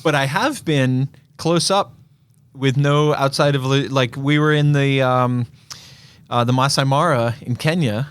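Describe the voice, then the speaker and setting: A man's voice: mid-range voice, measured pace, clear, resonant tone, dry recording. Chatty man co-hosting a podcast. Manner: chatty, joking, many restarts and fillers. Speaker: podcast co-host. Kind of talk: casual chat.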